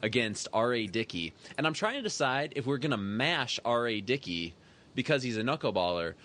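A man's voice: medium pitch, very animated, moderate pace, fairly bright tone, a little hiss or hum. A man co-hosting a casual sports podcast, easygoing and chatty, often laughing. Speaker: podcast co-host.

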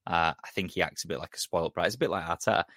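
Blunt, low-voiced man. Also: very fast, a bit bright, no echo, clean studio sound. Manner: blunt, sweary, mocking. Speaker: podcast co-host. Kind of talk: casual sports chat.

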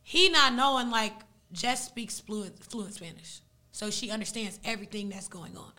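A young woman whose first language is Arabic, casually retelling a story in an animated, slangy way as a podcast guest. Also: medium pitch, moderate pace.

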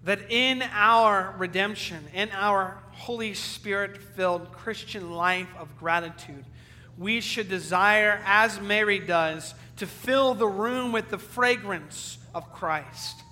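High, bright-voiced preaching pastor in a hall. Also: male voice, slow. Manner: earnest preaching, swings from loud emphasis to hushed low passages. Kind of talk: sermon. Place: church sanctuary. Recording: church hall reverb with faint hum.

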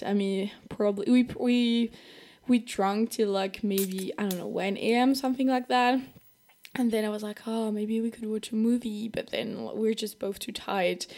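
A woman's voice: mid-range voice, a little mellow. A young woman hosting a podcast, telling a personal story in a casual, rambling way full of fillers and restarts. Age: young adult. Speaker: podcast host.

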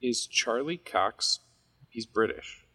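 A man co-hosting a podcast, chatting casually and telling stories with animated asides. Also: medium pitch, slow pace, husky. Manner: chatty, animated storytelling with laughs. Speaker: podcast co-host. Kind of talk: casual chat.

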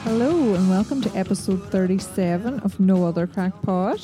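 An Irish woman co-hosting a podcast, relaxed in casual chat and quick to laugh. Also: medium pitch, over music. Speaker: podcast co-host.

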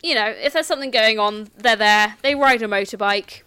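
A woman acting as game master, calmly explaining the characters and rules of a tabletop game with some restarts. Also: fairly high pitch, fairly quick, clean tone, dry recording.

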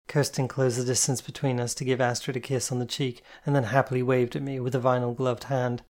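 A reader narrating a novel in first person, measured and reflective. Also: medium pitch, flat delivery, a little mellow. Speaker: audiobook narrator.

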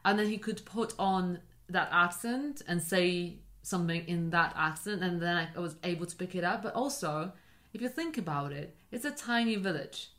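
A woman in casual conversation, lively and chatty, telling an anecdote with quick asides. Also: lowish voice. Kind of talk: casual chat.

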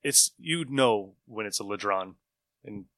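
A man's voice: lowish voice, lively intonation, a little slow, a bit bright, no room sound. A man co-hosting a casual chat, talking fondly and loosely about comic artwork. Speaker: comic book podcast co-host.

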